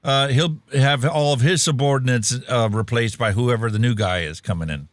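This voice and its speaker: A man's voice: mid-range voice, normal speed, no echo. A man co-hosting a casual podcast talk show, rambling with lots of fillers and dad jokes. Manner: jokey, rambling, many fillers. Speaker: podcast co-host.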